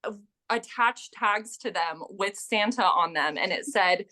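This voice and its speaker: Twenties woman guest, animated storyteller, bright crisp tone, casual chat. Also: mid-range voice, unhurried. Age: 20s. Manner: animated storyteller, filler-heavy with lots of "like". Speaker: guest, renaissance fair performer.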